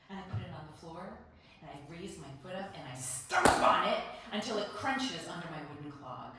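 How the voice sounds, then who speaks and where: Woman in her fifties, low voice, animated live storyteller, echoey room from far off. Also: moderate pace, very noisy. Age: 50s. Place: live venue with an audience.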